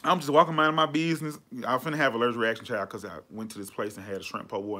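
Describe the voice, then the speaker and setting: A man's voice: mid-range voice, lively intonation, fast talker, few pauses, bright, forceful tone. A man hosting a podcast, chatting casually and animatedly with lots of slang and fillers. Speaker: podcast host. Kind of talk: casual chat.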